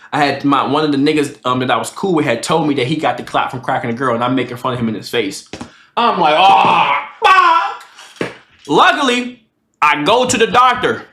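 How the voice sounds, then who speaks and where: A man in his twenties telling a crude personal story in casual storytime style, profane and animated, acting out the voices of others. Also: a little high, a little hiss or hum. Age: 20s. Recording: roomy echo.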